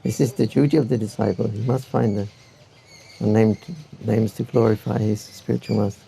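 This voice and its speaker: A man's voice: fairly low pitch, fairly even intonation, brisk, vocal fry, dark tone, breathy edge. An older man giving an anecdotal spiritual talk to devotees, chuckling often as he tells his stories.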